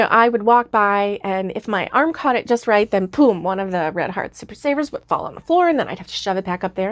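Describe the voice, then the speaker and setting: In her home craft room, a crochet vlogger in her fifties chats casually with viewers about her crafts, rambling and giggling through plenty of fillers while sounding a little sleepy and yawning. Her voice sits at a medium pitch, and the recording is dry with a clean studio sound.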